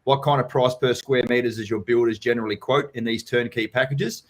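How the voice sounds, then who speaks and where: An Australian man hosts a live property Q&A in a casual live-stream chat. His mid-range voice is steady and brisk as he talks bluntly, swears freely and calls people mate and buddy.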